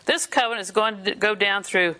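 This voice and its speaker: Older woman preaching, bright folksy voice. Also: medium pitch, fairly quick. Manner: folksy storytelling, laughs often. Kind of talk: sermon with personal stories.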